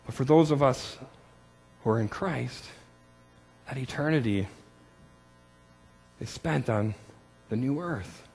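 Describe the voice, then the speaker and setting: A man preaching a sermon as pastor, earnest and questioning, rising in his appeals and dropping quiet on key words. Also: mid-range voice, takes it slowly, creaky, long pauses, breathy edge, big-room sound, faint music behind.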